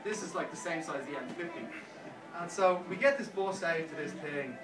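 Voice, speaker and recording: A man giving a best man's speech at a wedding, telling a story and quickly acting out what others said. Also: fairly high pitch. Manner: anecdotal, playing others' lines in quick quotes. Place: wedding reception hall. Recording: echoey hall, speaker far from mic, loud music.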